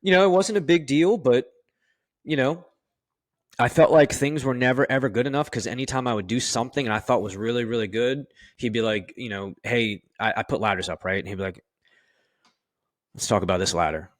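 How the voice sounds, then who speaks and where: A man's voice: medium pitch, fairly quick, no echo, studio quality. A man who is a fire officer, being interviewed and telling candid, profane stories full of "you know" and acted-out dialogue. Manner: acts out quoted dialogue in his stories. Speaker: firefighter officer guest. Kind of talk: casual interview storytelling.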